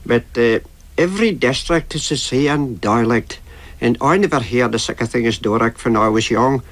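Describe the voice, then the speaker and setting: A man in his seventies with a northeast Scots accent, speaking as a panel guest in a slow, plain way. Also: medium pitch, a bit bright. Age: 70s. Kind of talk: panel discussion.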